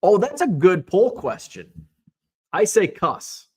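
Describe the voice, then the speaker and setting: A man from Illinois hosts a relaxed live stream, his voice sitting a little high for a man. He works through viewer comments one by one, reading each aloud and tossing back a wry remark. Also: takes it slowly, breathy edge. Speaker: host of a sports card hobby show. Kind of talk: casual live-stream chat.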